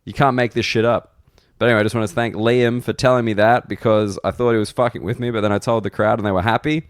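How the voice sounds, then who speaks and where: A man's voice: on the low side, fairly even intonation, quick pace, clean tone, no room sound. A young Australian man, a comedian hosting a solo podcast, rambling wryly and self-deprecatingly with lots of fillers into a close mic. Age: young adult. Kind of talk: casual solo podcast monologue.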